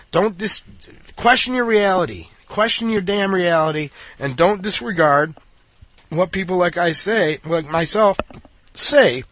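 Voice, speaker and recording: A man's voice: on the high side, fairly bright tone, dry recording. A man ranting in an angry, blunt monologue full of repetition and swearing. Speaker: political commentator.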